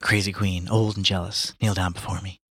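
A man's voice: sits low, little pitch movement, a little fast, a bit bright, breathy edge, no room sound, heavily acted. A man reading aloud and voicing a grim, sardonic young man with dry, clipped lines.

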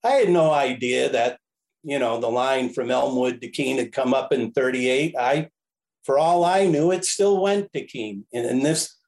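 Animated man telling a rambling story. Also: mid-range voice, measured pace, low-quality recording. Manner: animated, rambling, self-correcting with frequent chuckles. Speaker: podcast guest, railroad history enthusiast. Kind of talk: casual anecdotal storytelling.

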